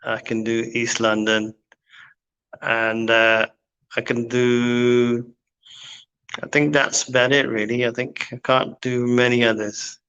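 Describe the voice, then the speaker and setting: Male guest on a live show, bright sharp voice, lots of uhs and you knows, muffled lo-fi sound. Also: mid-range voice, level tone, slow, clean tone. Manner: hesitant, with many fillers. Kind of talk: casual chat. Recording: dull lo-fi live stream audio.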